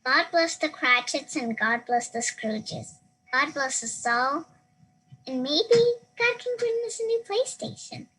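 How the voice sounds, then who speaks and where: A woman's voice: high voice, expressive, unhurried, sharp tone, exaggerated voice, poor audio. A woman playing a sweet hopeful little boy. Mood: sincere.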